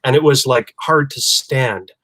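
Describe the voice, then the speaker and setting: A man's voice: mid-range voice, measured pace, a bit bright. Hesitant man telling a travel story. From Canada. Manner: hesitant, stumbling restarts. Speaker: host, motorcycle traveller. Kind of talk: live-streamed casual storytelling. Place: home during quarantine.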